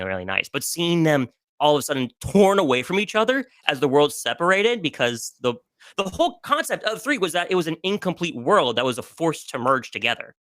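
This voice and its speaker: A man's voice: mid-range voice, sharp tone, dry recording. A man guest on a casual podcast, talking emotionally and with many restarts about games he loves. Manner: gushing, emotional, restarts often.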